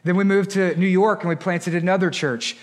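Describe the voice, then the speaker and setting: High-voiced pastor preaching a sermon. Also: male voice, fairly even intonation, a little fast. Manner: builds from quiet to shouted emphasis.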